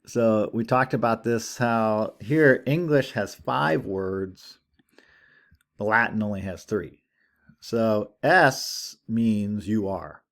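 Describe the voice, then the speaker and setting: Gravelly, relaxed male Latin teacher. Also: fairly low pitch, slow pace. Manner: relaxed, conversational, thinks aloud with fillers. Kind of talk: recorded lecture over screen share.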